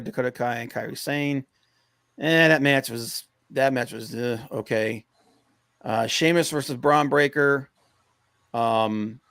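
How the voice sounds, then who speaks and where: A man co-hosting a casual wrestling podcast, rambling with lots of fillers and breaking into excited rants. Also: mid-range voice, vocal fry, dry recording, clean studio sound. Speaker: podcast co-host.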